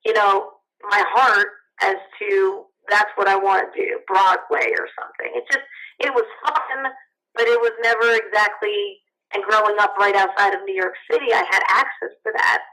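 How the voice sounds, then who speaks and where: Young jersey woman chatting away in an interview, bright voice, kinda lively, sounds like a phone line. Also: mid-range voice, moderate pace. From New Jersey. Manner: chatty, animated, acts out quoted voices. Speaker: guest singer-songwriter. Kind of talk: casual interview storytelling.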